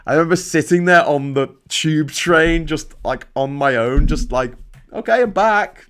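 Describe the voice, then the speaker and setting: A man's voice: on the high side, fairly even intonation, moderate pace, fairly bright tone, smooth. Rambling, sweary man hosting a livestream. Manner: rambling, sweary, self-mocking. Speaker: livestream host. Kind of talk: casual live-stream chat and political commentary.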